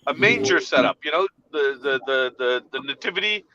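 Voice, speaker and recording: A man telling an animated story in a casual chat, laughing along as he goes. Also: a little high, a little fast, highs cut off.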